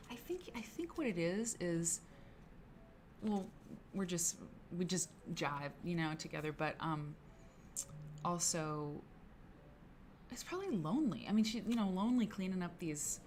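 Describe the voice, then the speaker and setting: A woman's voice: fairly low pitch, a little hiss or hum. Chatty woman streaming from her office. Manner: rambling, chatty, talks to viewers by name. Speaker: live-stream host. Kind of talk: casual co-working stream chat. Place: her office, late at work.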